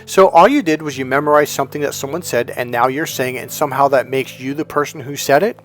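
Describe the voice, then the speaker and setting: A man's voice: medium pitch, quick pace, faint music behind. A man who works as a dating and relationship coach, giving an emphatic, repetitive motivational monologue. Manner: emphatic, repetitive, preachy lecturing.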